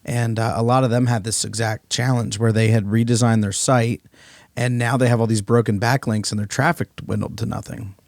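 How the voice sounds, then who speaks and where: A man co-hosting a business podcast, talking things through over a video call while he shares his screen. His voice is gravelly and a bit rough today, and the sound is dry and close, with no room around it. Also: medium pitch, fairly even intonation, fairly quick, darkish tone, no echo. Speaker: podcast co-host. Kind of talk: casual business podcast discussion.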